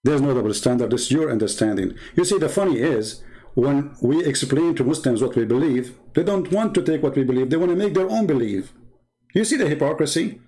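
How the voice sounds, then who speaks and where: A man with an Arabic accent speaks in a mid-range voice, combative and mocking as he answers commenters on a live stream. He often restarts and repeats words, then suddenly leaps up in pitch to taunt. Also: animated, brisk, dark tone, low-quality recording. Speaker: livestream host reading viewer comments.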